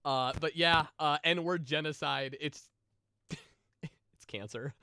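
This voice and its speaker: A man's voice: on the high side, steady tone, takes it slowly, pushed and bright, clear, resonant tone, no room sound, studio quality. A man chatting casually on a livestream, reading viewer questions and answering in a rambling, profane way with lots of fillers and restarts, and getting emotional at times. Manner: emotional, sensitive.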